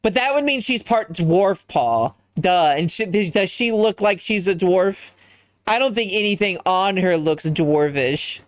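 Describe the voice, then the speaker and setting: Slow, musing livestreamer. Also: medium pitch, expressive, no room sound. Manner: musing, thinks aloud and answers chat. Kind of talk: casual stream chat while designing a character.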